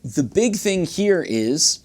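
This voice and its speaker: A man reviewing a guitar in a relaxed, rambling way, with frequent fillers and restarts. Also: fairly high pitch, slow pace. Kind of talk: casual gear review. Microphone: studio condenser mic.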